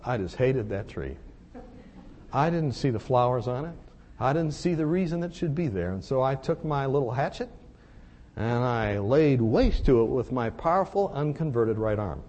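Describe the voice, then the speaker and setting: A man preaching a sermon, telling a personal story in a confessional way that moves between hushed and emphatic. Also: medium pitch, expressive, moderate pace, lo-fi sound.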